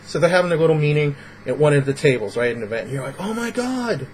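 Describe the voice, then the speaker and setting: A man's voice: medium pitch, rapid-fire, darkish tone, slight background noise, low-quality recording. A man giving casual, rambling advice in a vlog, acting out little example scenes. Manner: rambling, filler-heavy, acts out little scenes. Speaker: vlogger.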